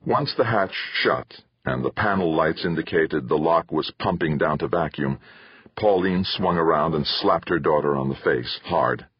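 Male audiobook narrator, very deep voice, husky, expressive storytelling, lively pitch, dull dry audio. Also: a little slow, no room sound. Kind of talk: scripted narration.

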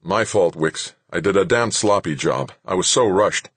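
A man voicing an anxious male technician who owns up to a rushed, sloppy job, in an audiobook reading. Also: sits low, lively intonation, a bit bright, slightly rough, no room sound, voice pushed up, heavily acted. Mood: apologetic. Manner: apologetic, rushed.

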